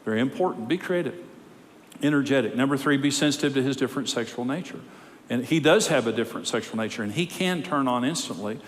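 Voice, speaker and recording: A man, a marriage counselor, teaching a live seminar in an emphatic, wry way that builds to loud exhortation. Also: mid-range voice, animated, fast talker. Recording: long reverb of a large hall.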